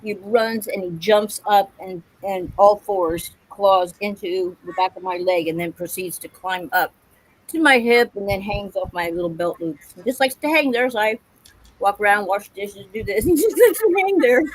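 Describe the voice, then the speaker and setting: A woman of ordinary pitch joins a casual livestream chat and tells an animated story. Her delivery is lively and breaks easily into laughter. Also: normal speed, dry recording, low-quality recording.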